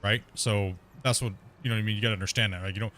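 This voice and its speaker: A man hosting a casual multiplayer gaming chat, talking extremely fast and rambling with restarts. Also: on the low side, steady tone, sharp tone. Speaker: streamer host.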